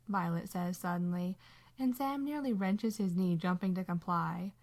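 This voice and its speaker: Calm woman reading a story aloud. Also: on the low side, moderate pace. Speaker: narrator. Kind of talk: audiobook narration of fan fiction.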